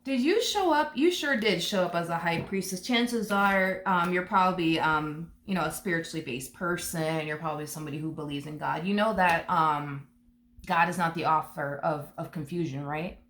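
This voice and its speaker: Brief: sassy woman tarot reader, low voice, casual chat, roomy echo. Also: moderate pace, a bit bright, a little hiss or hum. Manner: chatty, sassy, full of "um" and "you know". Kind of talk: casual tarot reading monologue.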